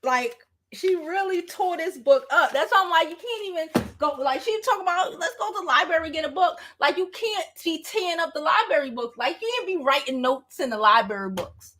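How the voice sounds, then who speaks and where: High, bright-voiced gossiping woman. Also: normal speed. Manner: loose, profane and expressive, breaking into laughter. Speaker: celebrity gossip vlogger. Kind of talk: casual livestream gossip chat.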